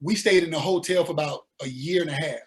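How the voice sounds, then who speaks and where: A man from the American South, a musician guest telling his story in a laid-back, animated way with slang. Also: fairly high pitch, quick pace. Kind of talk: casual interview storytelling.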